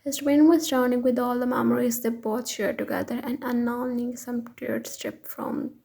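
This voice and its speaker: A woman reading a fan fiction story aloud in an even, unhurried way. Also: fairly high pitch, vocal fry, breathy edge, poor audio.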